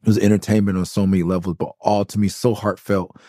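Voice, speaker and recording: Casting: deep, warm-toned man in his forties, easygoing podcast host spinning rambling stories into a dry close mic. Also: flat delivery, fast, dry recording. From Los Angeles. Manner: loose, enthusiastic, rambling with many "like"s. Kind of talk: casual storytelling about his album.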